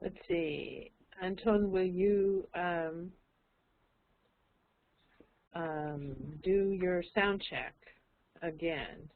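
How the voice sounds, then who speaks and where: A woman's voice: fairly low pitch, extremely slow, pauses often, a little hiss or hum. A woman teaching an online English class, explaining patiently and putting questions to her students. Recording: tinny lo-fi online call audio.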